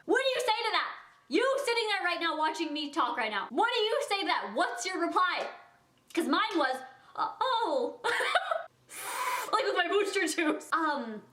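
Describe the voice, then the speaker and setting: A woman's voice: very high voice, sing-song, moderate pace, sharp tone. A young woman telling a casual storytime vlog, chatty and full of fillers, often breaking into giggly asides. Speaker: vlogger. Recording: echoey room.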